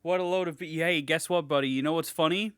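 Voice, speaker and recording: A man's voice: fairly high pitch, steady tone, fast, fairly bright tone, clear, resonant tone, no echo, clean studio sound. A man co-hosting a casual podcast, reading reviews aloud in a sarcastic, mocking way. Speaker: podcast co-host.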